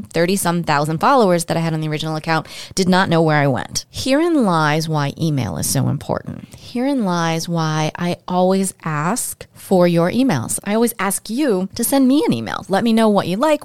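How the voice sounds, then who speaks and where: Podcast host, woman, lowish voice, dry close sound, candid and emotional storytelling. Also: dry recording. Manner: candid, emotional, chatty with listeners. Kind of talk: personal storytelling monologue.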